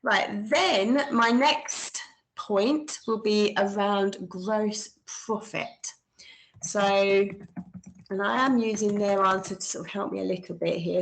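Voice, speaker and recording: A woman's voice: mid-range voice, steady tone, takes it slowly, a little hiss or hum, poor audio. A woman talking students through an accounting exam paper, informal and thinking aloud as she goes. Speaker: accounting tutor. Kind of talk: screen-share exam walkthrough.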